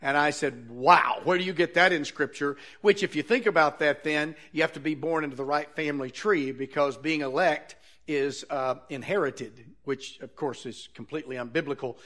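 A man's voice: a little high, moderate pace, a bit bright. A man preaching a sermon, reading Bible verses aloud and arguing his point earnestly with rhetorical questions.

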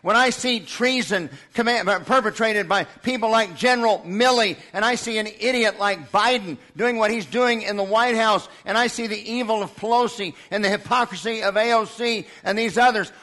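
A man's voice: sits high, normal speed, hardly any pauses, pushed and bright. A man preaching a sermon, fiery and indignant, building his points with repeated refrains.

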